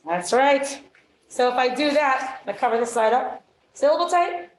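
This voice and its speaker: A woman teacher leading a classroom phonics demonstration with brisk quizzing questions and quick praise. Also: high voice, animated, a little hiss or hum. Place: meeting room. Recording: echoey room.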